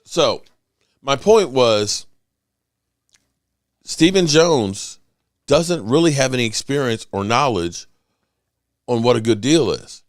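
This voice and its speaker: Sports podcast host guy, really lively pitch, emphatic, keeps restarting, dry close sound. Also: slow pace, long pauses, no echo. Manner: animated, emphatic, with frequent restarts. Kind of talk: casual sports talk.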